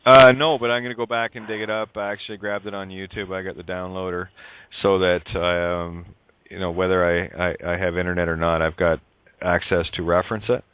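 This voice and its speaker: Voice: sits low, flat delivery, a little fast, clean tone, no echo. A radio show host explaining ideas at length in rambling call-in talk, on a phone-like line. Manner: rambling, wordplay-driven explanations. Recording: dry tinny phone-like line.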